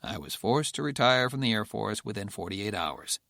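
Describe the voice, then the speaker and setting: A man voicing a stubborn male Air Force general who talks in calm, clipped, determined phrases. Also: lowish voice, normal speed, vocal fry, dry recording, studio quality.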